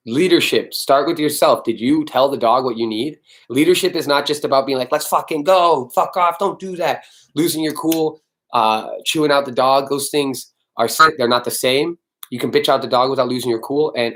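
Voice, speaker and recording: A man hosting a casual live-stream Q&A as a dog trainer, talking bluntly, swearing freely and answering viewers by name. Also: mid-range voice.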